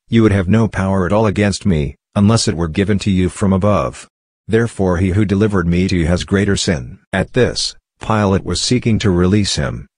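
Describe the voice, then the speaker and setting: A man giving a steady, measured scripted Bible reading. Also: deep voice, no room sound. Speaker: scripture reader.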